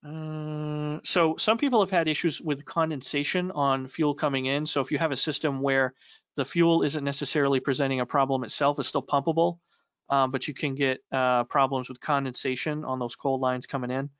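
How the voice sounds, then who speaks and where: A man with a New England accent co-hosting a technical webinar, speaking haltingly with many fillers and restarts. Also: mid-range voice, steady tone, fairly bright tone, smooth, no room sound. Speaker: webinar co-host. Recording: slightly dull dry audio.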